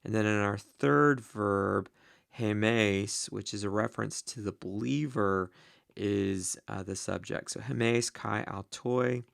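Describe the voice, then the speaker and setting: A man teaching the Greek grammar of a Bible passage, slow and deliberate, with many ums and uhs. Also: fairly low pitch, vocal fry, no room sound, studio quality.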